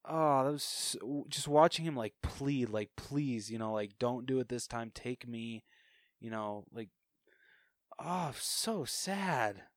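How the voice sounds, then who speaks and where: Man excitedly retelling film scenes. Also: medium pitch, a little slow, no room sound, studio quality. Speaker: podcast co-host. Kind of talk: casual chat about a film.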